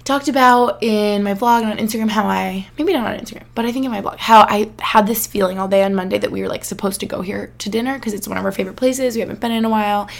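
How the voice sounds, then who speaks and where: Young woman with a gravelly fry. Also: mid-range voice, fast, hardly any pauses. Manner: chatty, rambling storytelling with many "like"s. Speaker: podcast host. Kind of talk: casual chat.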